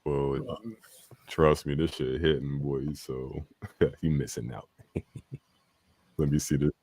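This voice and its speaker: Chill slangy podcast dude, low voice, laughs a lot. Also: male voice, fairly even intonation, slow pace, darkish tone, husky, no echo. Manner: laid-back, slangy, laughs often. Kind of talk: casual podcast chat.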